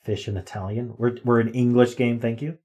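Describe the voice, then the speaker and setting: A man's voice: mid-range voice, steady tone, brisk, a little mellow. A man streaming live, chatting casually as he works through word games and thinks aloud with ums and guesses. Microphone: desk microphone.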